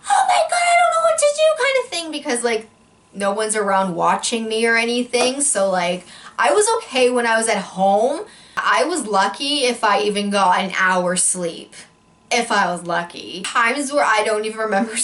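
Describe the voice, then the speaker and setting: A young woman telling a casual storytime vlog, full of likes and ums, jumping into high voices when she acts out quotes. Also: fairly bright tone. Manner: filler-heavy, many likes and ums.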